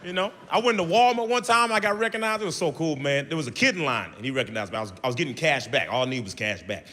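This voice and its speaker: A young man performing stand-up, his voice bright and lively as it leaps up into high, shouted bursts while he acts out every character. He is on a stage mic, and the sound carries a long hall reverb with faint room noise. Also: fast. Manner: animated, acts out voices, big high-pitched outbursts. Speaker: stand-up comedian. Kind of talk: stand-up storytelling. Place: comedy stage before a live audience.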